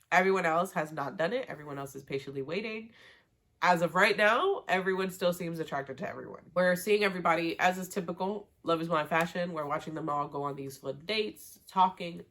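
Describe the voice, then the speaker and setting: A woman recapping a reality show in a casual, slangy, animated way, swearing freely. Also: sits low. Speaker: TV recap vlogger.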